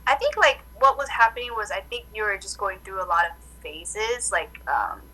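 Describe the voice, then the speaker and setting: A woman acupuncturist chatting casually in an interview, telling animated stories full of "like" fillers. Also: mid-range voice, moderate pace, poor audio. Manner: animated storytelling, many "like" fillers. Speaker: acupuncturist guest.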